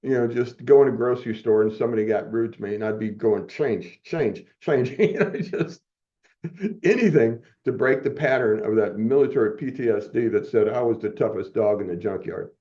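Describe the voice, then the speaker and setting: A man's voice: mid-range voice, a little fast, dark tone. An older man as a podcast guest, telling a rambling personal story with frequent chuckles and restarts. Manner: rambling, chuckles often, self-correcting. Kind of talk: storytelling in a casual interview. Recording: muffled, dull audio.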